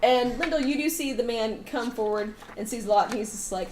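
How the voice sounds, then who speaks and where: A woman's voice: a little high, moderate pace, darkish tone, roomy sound, slight background noise. A woman narrating as game master of a tabletop game, laughing often as she describes the scene.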